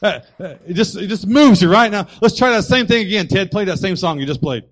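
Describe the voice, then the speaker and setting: A man's voice: high-pitched, fast talker, faint music behind. A man preaching a sermon as pastor, with rising and falling emphasis and acted-out voices.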